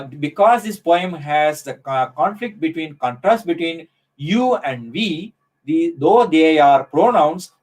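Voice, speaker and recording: A middle-aged male professor with an Indian English accent lectures live online in a slightly high voice. He talks slowly and deliberately, and often pauses on fillers and restarts his phrases. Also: low-quality recording.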